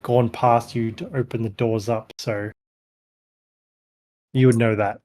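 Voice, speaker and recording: A man narrating as game master in a tabletop game, relaxed and pausing on fillers. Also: medium pitch.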